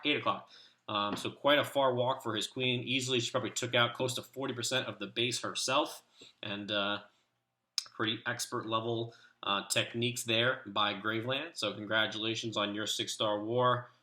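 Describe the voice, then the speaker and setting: A man with a slightly low but bright, forceful voice talks through game footage as clan leader. He rambles in a relaxed way, full of ums and uhs, and the room gives his voice a clear echo. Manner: relaxed, rambling, many fillers. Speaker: clan leader and video host. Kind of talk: casual game commentary.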